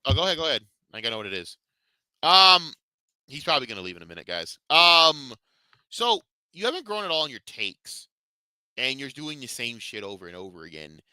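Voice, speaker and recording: A man rants through a profane commentary chat, heated and mocking. His voice is sharp and bright and swings widely in pitch. The sound is close and dry. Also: very animated, brisk, clean tone, dry recording. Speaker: podcast host.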